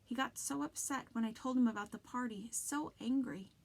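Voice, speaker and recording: A woman's voice: on the high side, moderate pace, pitched above the performer's own voice. Distraught mother, tearful and anxious, storybook read-aloud, voiced by a woman.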